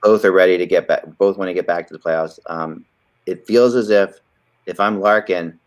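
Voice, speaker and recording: Male podcast host, very low voice, loose rambling hockey chat. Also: steady tone, normal speed, smooth. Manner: rambling, many restarts.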